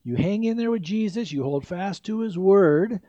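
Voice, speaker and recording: A man preaching a sermon as pastor, with emphatic swells and drawn-out phrases. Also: sits high, lively intonation, dark tone, dry recording. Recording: dull lo-fi sound.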